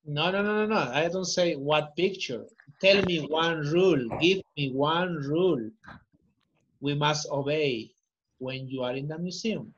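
Patient teacher coaxing young pupils. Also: male voice, on the high side, dull audio, slight background noise. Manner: slow, repeating prompts, coaxing. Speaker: English teacher. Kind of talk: online class teaching children.

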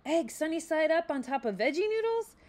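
A woman's voice: high-pitched, sing-song, brisk, darkish tone, pitched above the performer's own voice. A woman voicing a polite, easygoing teenage boy fox who talks casually. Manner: casual, apologetic.

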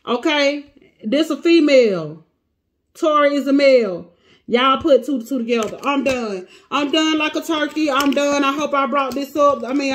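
A woman giving a casual tarot reading, animated and exclamatory, often thinking aloud and breaking off mid-sentence. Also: high-pitched. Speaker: tarot reader.

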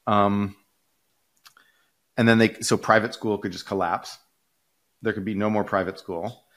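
A man's voice: fairly low pitch, steady tone, unhurried, a bit bright. A man hosting a podcast, explaining economics in a casual, rambling way, full of fillers and restarts.

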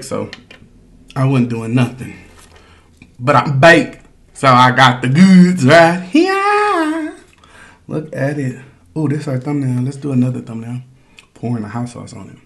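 Brief: male food vlogger, gravelly, mid pitch, chatty and slangy, talks to camera. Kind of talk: casual mukbang chat.

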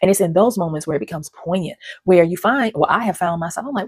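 Talking to camera on her own channel, a woman rattles off casual, digressive commentary, often restarting and repeating words. Her lowish voice is expressive, fast, a little mellow and husky, with hardly any pauses, in a dry, studio-quality recording.

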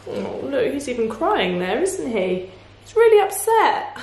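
A woman teacher reading a children's storybook aloud in a playful way, pausing to ask her listeners questions. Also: sits high, sing-song. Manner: slow, warm, playful, asks listeners questions. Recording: echoey room.

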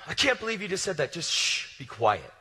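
A man putting on the voice of a furious male airline passenger who yells and protests indignantly. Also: fairly high pitch, sing-song, brisk, in a large hall, a little hiss or hum, voice pushed up, heavily acted. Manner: yelling, indignant.

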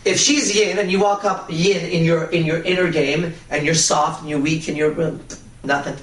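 A man's voice: on the high side, steady tone, normal speed, a bit bright. A man giving a dating-coach lecture, telling stories in a brash, swaggering way and swearing casually. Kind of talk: lecture with anecdotes. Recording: roomy echo, voice from a distance.

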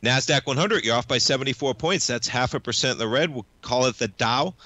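Brief: bright-voiced young male talk-radio host, dry studio sound, upbeat and chatty. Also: medium pitch, a little fast, no echo. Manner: energetic, casual, says "man" a lot. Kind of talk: live market talk show.

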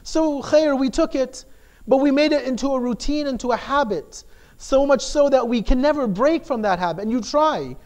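High-voiced man preaching conversationally. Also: moderate pace, darkish tone. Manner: explains with frequent "right?" tags and emphatic repetition. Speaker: shaykh giving a talk. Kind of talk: conversational sermon.

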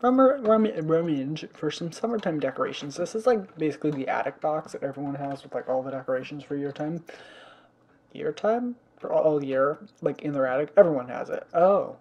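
A man's voice: fairly high pitch, fairly quick, darkish tone, dull audio, a little hiss or hum. A young man hosting a life-sim let's play in casual commentary, chatty and fussy, exclaiming often and scolding the game's pets.

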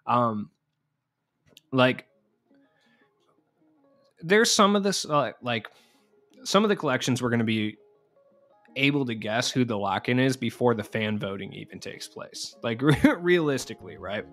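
Young male gaming YouTuber, loose rambling delivery, mid pitch, light music bed. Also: expressive, measured pace, long pauses, a bit bright. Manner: casual, rambling, filler-heavy with many "like"s. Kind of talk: casual video game news commentary.

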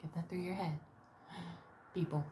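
In a lowish, warm voice with a steady tone and moderate pace, a woman vlogs to camera while sitting at home, a little hiss or hum in the background. Her talk is profane and rambling, hopping between subjects and adding playful quoted voices.

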